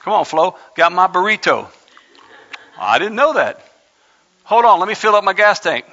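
A man preaching a sermon to his church, talking it through casually and then pressing his points hard. His voice is gravelly and bright, a little higher than most men's. The sound is muffled and carries a long hall reverb. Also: very animated, normal speed, slight background noise. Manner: conversational, rising to impassioned. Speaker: pastor.

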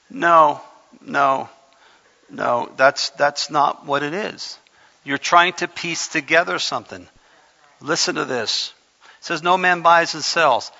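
A man preaching a sermon to his church, talking it through casually and then pressing his points hard. His voice is gravelly and bright, a little higher than most men's. The sound is muffled and carries a long hall reverb. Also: a little slow. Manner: conversational, rising to impassioned. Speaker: pastor.

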